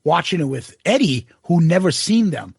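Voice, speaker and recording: A man co-hosting a podcast, telling stories in an animated, profane way and acting out what people said. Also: on the high side, moderate pace, gravelly, breathy edge, no room sound. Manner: swearing, animated storytelling with quoted voices. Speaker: podcast co-host. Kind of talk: casual chat.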